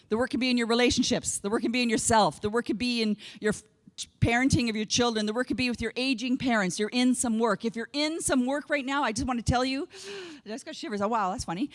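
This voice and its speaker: A woman's voice: on the high side, a little fast, in a large hall. A middle-aged woman delivers a motivational keynote with plenty of humour. She tells her stories bluntly and candidly and slips in the odd swear word. She speaks throughout. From Canada. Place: conference room with a live audience.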